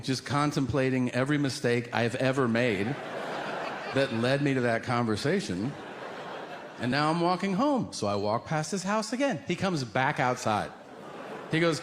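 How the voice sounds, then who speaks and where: Male stand-up comic, lively pitch, profane storytelling, noisy live stage recording. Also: moderate pace. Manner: animated, profane, deadpan asides. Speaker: stand-up comedian. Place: stage before a live audience.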